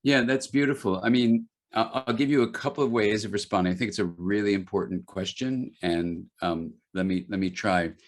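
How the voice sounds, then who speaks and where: A man's voice: lowish voice, a little fast, hardly any pauses. A middle-aged man, an author speaking as a guest in a webinar conversation, telling stories with frequent restarts and fillers. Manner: storytelling, many restarts and fillers.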